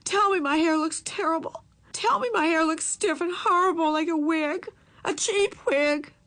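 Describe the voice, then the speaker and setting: Woman reading as a sobbing teenage girl, high and tearful. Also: normal speed, a bit bright. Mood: tearful, distraught. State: crying. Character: upset teenage girl sobbing over ruined hair.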